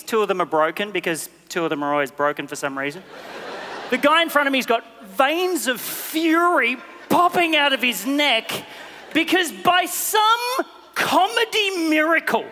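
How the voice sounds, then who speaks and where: A man's voice: very high-pitched, big-room sound, slight background noise, full character voice. A man voicing a manic, sweary male puppet comedian, doing stand-up on a theater stage. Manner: shrieking, excitable, sweary. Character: manic high-voiced felt puppet comic, male.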